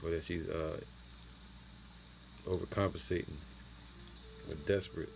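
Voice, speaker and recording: With a very deep voice full of vocal fry and a flat delivery, a religious camp teacher runs an impromptu scripture lesson. The verses come slowly and deliberately, followed by loose, slangy commentary, while a faint hiss sits beneath the audio.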